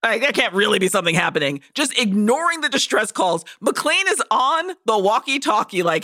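A woman co-hosting a film podcast, ranting in a lively, profane rush with a voice that swings up and down. Her tone is bright and forward. The sound is close and dry. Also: fairly high pitch, moderate pace, few pauses, no echo. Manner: animated, profane ranting with acted-out quotes. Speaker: podcast co-host. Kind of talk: casual movie-review chat.

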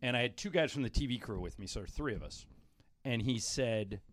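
A man's voice: animated, brisk. A man hosting a radio show, chatting casually with co-hosts and telling stories full of quoted dialogue. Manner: storyteller, quotes others in low voice. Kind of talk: casual studio banter.

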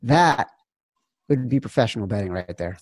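A man's voice: mid-range voice, lively intonation, normal speed, no room sound, studio quality. A man from the Chicago suburbs hosting a casual sports betting chat, fired up and profane. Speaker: podcast host.

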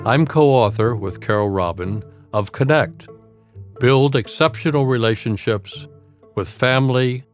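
An older man, an author and teacher, speaking in an earnest, measured way about his book. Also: fairly low pitch, no room sound, studio quality.

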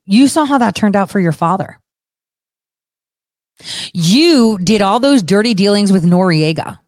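A woman talking casually about politics at a medium pitch, blunt and sarcastic, with frequent swearing and laughter. Her voice sounds close and dry, with no room echo. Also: lively intonation, unhurried, a little mellow. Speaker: political commentary host. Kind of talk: casual ranting commentary.

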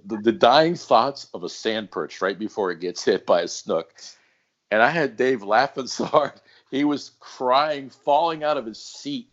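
A low-pitched man tells fishing stories in a casual podcast, animated and quick to laugh. The audio is muffled and lo-fi. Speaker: guest storyteller.

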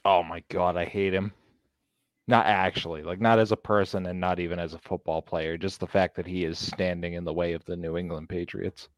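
A man, the show's producer, chatting in an easygoing, soft-spoken way. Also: low-pitched, flat delivery, a little fast, no echo. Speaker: show producer. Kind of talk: casual live show chat.

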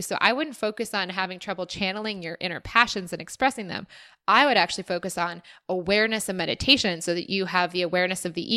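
Bright-voiced woman podcast host. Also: fairly low pitch. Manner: earnest, encouraging, reflective. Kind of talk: solo podcast answering listener questions. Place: former resident of Austin.

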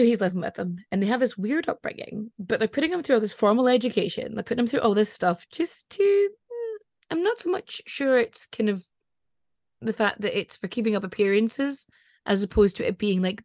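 A Scottish woman hosts a podcast in relaxed, chatty conversation, wandering off on tangents and laughing often. Her voice sits a little high and carries a gravelly rasp. The sound is dry and close. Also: no room sound. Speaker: podcast host. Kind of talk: casual chat.

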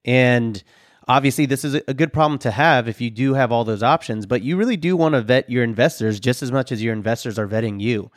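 A man hosting an interview, chatting in a relaxed, conversational way. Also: medium pitch, a little fast, dry recording, studio quality. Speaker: host. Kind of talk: casual interview chat.

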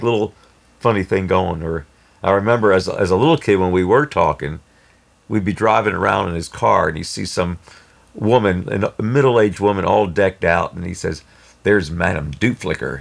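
A man telling a personal story in a rambling, halting way with many restarts. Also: low voice, creaky. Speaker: storyteller guest. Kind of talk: casual spoken storytelling.

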